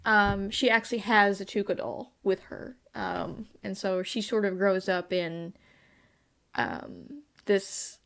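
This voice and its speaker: A woman's voice: medium pitch, fairly even intonation, slow pace, creaky, a bit bright. A woman co-hosting a fan podcast in casual chat, rambling and often hedging about what she is unsure of. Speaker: podcast co-host.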